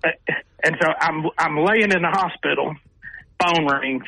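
An older man, a sportswriter telling animated stories as a radio guest and acting out what people said. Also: fairly high pitch, a little slow, vocal fry, dry recording, low-quality recording. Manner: animated storyteller who acts out quotes with raised voices. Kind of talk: radio interview storytelling.

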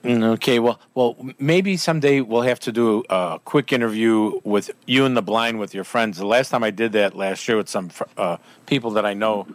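A man's voice: lowish voice, normal speed, hardly any pauses, no room sound. A man hosting an outdoors radio show, chatting casually with a guest, laughing often and acting out the people in his stories. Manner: animated storyteller, acts out quotes, laughs often.

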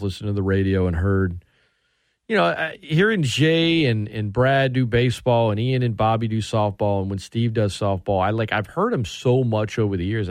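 Excitable male radio host. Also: lowish voice, dry recording, clean studio sound. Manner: excitable, animated, with frequent restarts. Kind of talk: sports talk radio monologue.

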